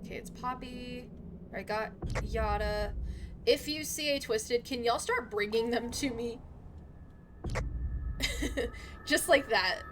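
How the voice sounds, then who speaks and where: A young adult woman streaming a game live, chatting casually and swearing constantly, with loud outbursts. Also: a little high, slow, pauses often, noisy background. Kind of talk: casual gaming livestream chat.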